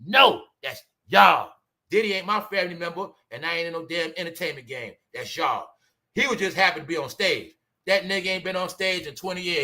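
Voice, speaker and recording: Guy with ranting on his livestream, sharp bright voice, loud one sec and muttering the next, keeps asking y'all questions. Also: brisk. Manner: animated, swinging between loud outbursts and low mutters; rhetorical questions to the audience, repeats "y'all" and "huh". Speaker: commentary channel host. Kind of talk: casual livestream commentary.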